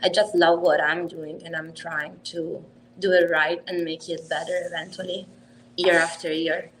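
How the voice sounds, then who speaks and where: Woman, twenties, Italian accent, earnest, a bit low-pitched, faint background noise. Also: level tone, normal speed, low-quality recording. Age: 20s. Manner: earnest, laughs easily, slight non-native phrasing. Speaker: hat company owner. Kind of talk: casual interview chat.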